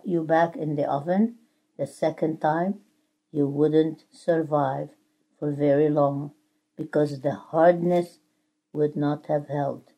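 A woman voicing a patient male potter who calmly explains why each hardship was needed. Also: low-pitched, exaggerated voice, poor audio. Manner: calm, reassuring. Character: patient male potter, calm and gentle master.

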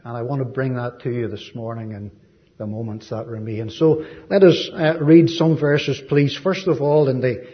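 An Irish man giving a sermon as a visiting preacher, gentle and folksy, with frequent ums and asides. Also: medium pitch, steady tone, moderate pace, muffled recording. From Ireland.

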